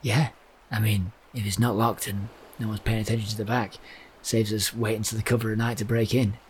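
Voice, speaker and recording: A man voices his own character in a tabletop game, measured and wry. His voice is fairly low. A faint noise sits behind him. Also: level tone. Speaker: player. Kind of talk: in-character tabletop role-play.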